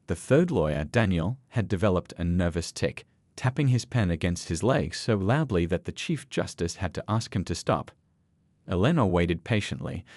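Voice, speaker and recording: A male narrator telling a dramatic story in a steady, scripted read. His voice is low and lively in pitch, recorded dry and close. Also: no echo.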